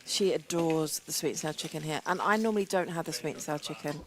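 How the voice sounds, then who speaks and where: A British woman commentating live poker hands, chatty and quick to laugh, with a headset mic in a casino booth. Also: low-pitched. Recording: crowd chatter behind.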